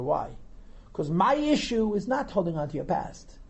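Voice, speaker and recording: A man's voice: sits high, sing-song, normal speed, gravelly, darkish tone, poor audio. A man teaching a text class as a rabbi, translating line by line and asking rhetorical questions. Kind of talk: lecture on Torah text, reading and translating.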